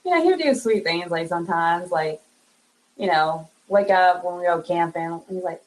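A woman's voice: on the low side, animated, moderate pace, rough recording. A woman in her thirties being interviewed, talking casually with lots of fillers and frequent laughs. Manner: laughs often, chatty with many fillers. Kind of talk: casual conversation.

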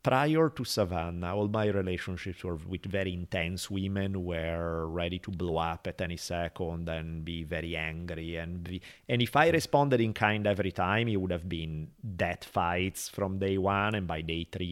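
Male podcast host, lowish voice, casual chat, lively when acting out dialogue. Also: moderate pace, hardly any pauses. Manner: animated, acts out quotes and voices in a story. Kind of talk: casual conversational storytelling.

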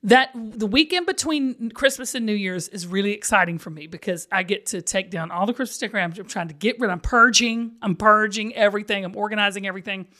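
A woman's voice: medium pitch, fast talker, hardly any pauses, bright, forceful tone. Chatty woman hosting a podcast. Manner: candid, chatty, laughs often. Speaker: podcast host. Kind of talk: casual podcast chat.

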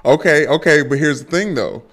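A man's voice: on the high side, a little fast. Playful young man co-hosting a podcast. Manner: playful, animated storytelling. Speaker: podcast co-host. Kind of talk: casual sports podcast chat.

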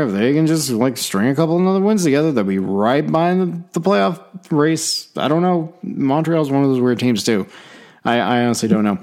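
A man hosting a casual sports podcast, talking in a chatty, rambling way with quick bursts and self-deprecating asides. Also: medium pitch, darkish tone. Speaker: podcast host.

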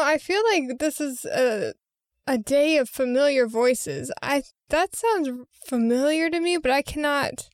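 Woman, podcast co-host, high voice, playful, giggly, dry close sound. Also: no room sound. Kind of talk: casual podcast chat.

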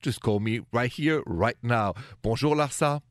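A man's voice: medium pitch, a little slow, no room sound, clean studio sound. French-accented man hosting radio advice. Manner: lively, laughs often, chatty storytelling. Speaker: radio advice show host. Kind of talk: call-in radio talk.

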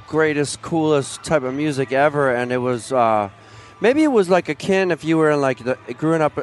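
Man from Philadelphia telling rambling stories. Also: mid-range voice. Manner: rambling storyteller with fillers and laughs. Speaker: musician guest. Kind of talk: casual chat.

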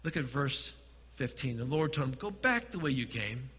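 A man preaching a sermon as pastor, dropping to quiet asides and swelling to emphatic points. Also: medium pitch, animated, normal speed, breathy edge, big-room sound, dull audio.

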